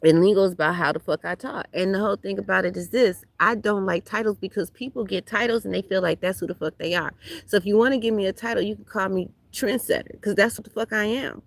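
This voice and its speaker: A woman's voice: medium pitch, fast, gravelly, dry recording. A woman, doing a casual livestream tarot reading outdoors at a beach, talking bluntly and profanely to her viewers. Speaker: tarot reader.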